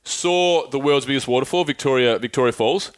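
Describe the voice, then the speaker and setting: A man hosting a podcast, chatting casually about travel with energetic, rambling lists and free swearing. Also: medium pitch, brisk, clear, resonant tone. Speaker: podcast host.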